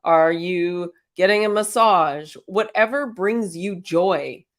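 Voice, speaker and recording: A woman's voice: lowish voice, slow pace. A woman hosting a casual spiritual self-help talk, chatty and encouraging, firing off strings of rhetorical questions and laughing often. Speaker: host.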